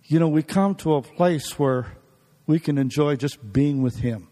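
A man's voice: a little high, unhurried, warm tone, in a large hall. A middle-aged man preaching a folksy sermon full of personal stories, chuckling often and restarting his sentences. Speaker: guest preacher. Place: church.

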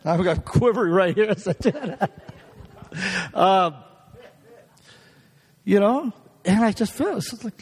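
A man's voice: sits high, lively intonation, slow, long pauses, a little mellow, breathy edge, big-room sound. A middle-aged man preaching a folksy sermon full of personal stories, chuckling often and restarting his sentences. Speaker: guest preacher. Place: church.

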